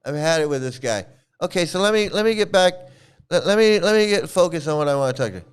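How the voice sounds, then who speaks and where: A man's voice: a little high, animated, quick pace, clean tone. A man hosting his own channel, ranting angrily in a heated, profane, repetitive way. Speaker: channel host. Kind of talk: angry ranting vlog commentary.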